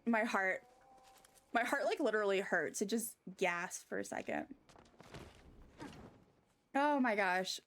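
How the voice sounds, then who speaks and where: A woman streaming a game, chatting casually with her viewers and getting excited over her wins. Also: mid-range voice, slow, long pauses. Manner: chatty and excitable, squealing with delight. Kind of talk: casual live-stream chat while gaming.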